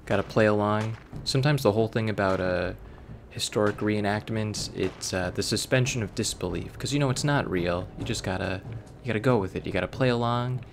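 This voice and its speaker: A man's voice: on the low side, fairly quick, creaky, a little hiss or hum. A man from Florida giving casual, sarcastic let's play commentary, wandering off into digressions. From Florida, USA. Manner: rambling, sarcastic, digressive storytelling.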